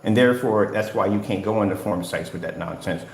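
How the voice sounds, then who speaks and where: This repetitive livestream rant comes from a business owner going after rivals, hammering "at the end of the day" in a lecturing, confrontational tone. His voice is on the low side, creaky and darkish, a little fast, with slight background noise and a roomy echo.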